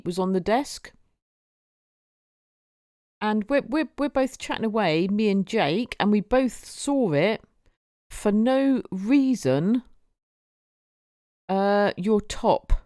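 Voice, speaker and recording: A woman's voice: medium pitch, darkish tone, dry recording, clean studio sound. A woman streaming, chatting casually with viewers and often repeating her words as she goes. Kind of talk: casual live-stream chat.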